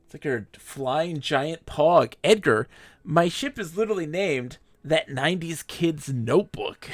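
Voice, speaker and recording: A man live-streaming a space game, talking in a playful, rambling way full of silly asides. His voice sits a bit high and swings widely in pitch. The sound is close and dry, with no room echo. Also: lively intonation, a little slow. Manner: goofy and playful, chanting silly repetitions; rambling, self-deprecating asides. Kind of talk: casual live-stream commentary.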